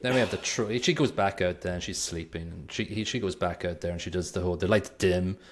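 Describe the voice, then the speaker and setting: A man's voice: deep voice, fast talker. A man co-hosting a podcast, recapping a film in casual chat with dry, rambling remarks. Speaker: podcast co-host.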